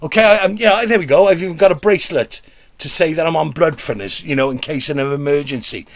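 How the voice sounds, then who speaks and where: Middle-aged guy rambling through a story, stammers a lot, swears, voice on the high side. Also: quick pace, no room sound. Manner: stammering, sweary, self-mocking. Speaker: comedy vlogger.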